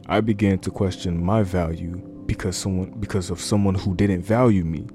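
A man with a deep, warm voice preaches in an earnest, conversational way, circling back and repeating his points. He talks into a close microphone, with faint music playing underneath. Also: steady tone, moderate pace. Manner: earnest, repetitive, conversational with fillers. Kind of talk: informal sermon. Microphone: desk microphone.

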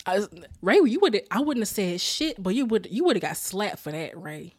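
A woman's voice: medium pitch, normal speed, slightly rough, no echo, studio quality. Laughing, profane woman recapping a sitcom. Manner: profane, laughs often, animated storytelling. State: tired after a rough weekend. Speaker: podcast host recapping a sitcom. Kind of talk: casual chat recap.

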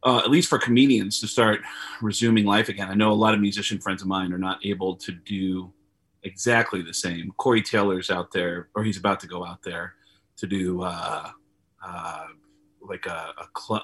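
A man's voice: low voice, steady tone, moderate pace, fairly bright tone, slightly rough. A man, a comedian guest on a video call, telling rambling anecdotes and acting out the voices of people he quotes. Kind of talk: casual storytelling.

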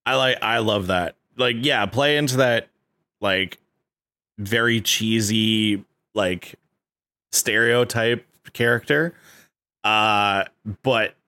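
A man's voice: lowish voice, fairly bright tone, no echo. A man hosting a casual podcast chat, rambling with lots of fillers and restarts and laughing often.

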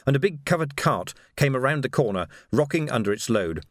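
Measured male audiobook narrator, dry sound. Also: medium pitch, dry recording. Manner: steady, measured storytelling.

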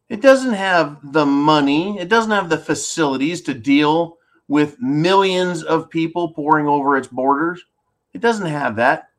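With a fairly high, fairly bright voice, this Californian host of a political call-in show reads viewer questions aloud and rants about them with blunt sarcasm.

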